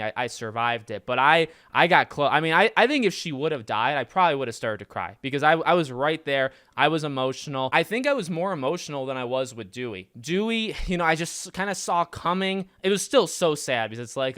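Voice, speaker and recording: Male podcast host, smooth resonant tone, loose restart-heavy delivery, dead-dry close mic. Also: a little high, dry recording. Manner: rambling, animated, frequent restarts and fillers. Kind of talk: casual film commentary.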